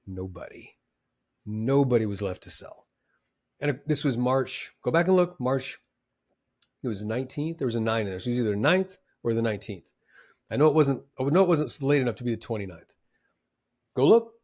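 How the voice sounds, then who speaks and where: A man, a former trader, giving advice in a casual, animated way, with emphatic bursts and frequent fillers. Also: medium pitch, brisk. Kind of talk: casual motivational talk.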